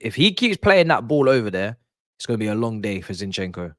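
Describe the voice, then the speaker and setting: A young man, doing excited, slangy live commentary for a football watch-along stream, repeating himself as he reacts. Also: lowish voice, a little fast, no room sound, studio quality.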